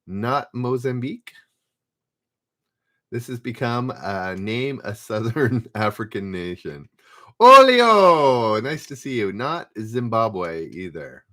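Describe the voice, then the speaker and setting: A relaxed man hosts a live trivia stream and reads each question out before chatting with viewers. His voice swoops up and down a lot, and he takes his time. He laughs easily as he goes. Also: mid-range voice, takes it slowly. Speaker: trivia game host.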